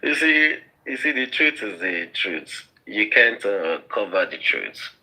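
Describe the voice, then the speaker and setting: A man hosting a casual livestream chat, laughing often and trying to calm the others down. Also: lowish voice, unhurried, low-quality recording.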